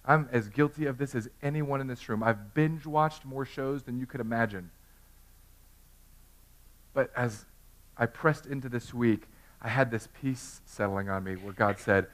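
A middle-aged male pastor giving a sermon, swinging from loud outbursts to quiet, intimate asides. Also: medium pitch, steady tone, normal speed.

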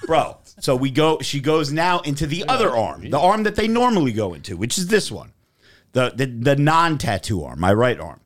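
A man's voice: medium pitch, moderate pace. A young man telling a story in casual chat, swearing freely and acting out what others said. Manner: profane, animated, acts out quotes. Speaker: podcast host telling a story.

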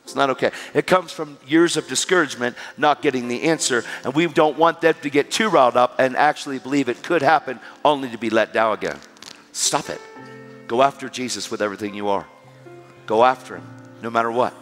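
Animated preacher man in a hall. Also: mid-range voice, fairly quick. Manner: animated, emphatic, exhortative. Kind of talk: sermon with storytelling. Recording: reverberant hall with music behind.

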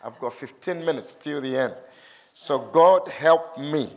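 A man's voice: a little high, a little slow, a little mellow. Conversational man preaching in a church. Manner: conversational, self-deprecating, reads scripture aloud. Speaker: visiting preacher. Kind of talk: sermon.

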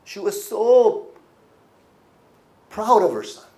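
Man preaching with rhetorical questions, slightly high voice. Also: expressive, unhurried, a little hiss or hum. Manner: swings from quiet to emphatic. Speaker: pastor. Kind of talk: sermon.

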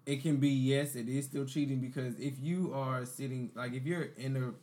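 A man's voice: medium pitch, steady tone, moderate pace, a little mellow. A man, a guest on a roundtable podcast, explaining his view thoughtfully with many "like"s. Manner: thoughtful, explains at length with fillers. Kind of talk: casual group chat.

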